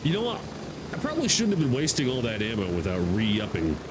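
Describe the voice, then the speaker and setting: An American man streaming a game live, talking to himself, excitable and swearing freely. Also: mid-range voice, quick pace, background noise. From United States. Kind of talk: live gameplay commentary.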